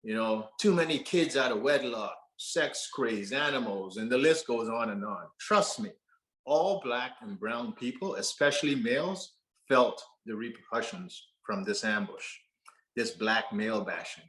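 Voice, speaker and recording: A man's voice: medium pitch, expressive, measured pace, fairly bright tone. A man giving a personal storytelling talk from a stage, earnest and conversational, laughing now and then. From Canada. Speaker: speaker. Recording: roomy auditorium echo.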